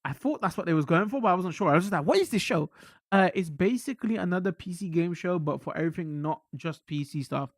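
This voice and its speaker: A British man chatting casually on a live stream, rambling and excitable, swearing freely as he talks to his chat. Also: high voice, quick pace, hardly any pauses, no echo, clean studio sound.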